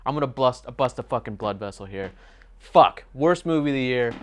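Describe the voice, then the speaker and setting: A man's voice: medium pitch, lively intonation, fast talker. Furious man ranting a movie review. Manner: furious, sweary, exasperated ranting. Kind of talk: angry movie review rant.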